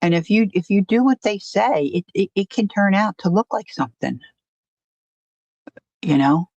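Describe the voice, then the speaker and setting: A woman's voice: medium pitch, expressive, normal speed, darkish tone, dry recording, lo-fi sound. Woman rambling through a craft demo on a livestream, pokes fun at herself, keeps restarting sentences, dry close sound. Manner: rambling, self-deprecating, frequent restarts. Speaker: crafting channel host.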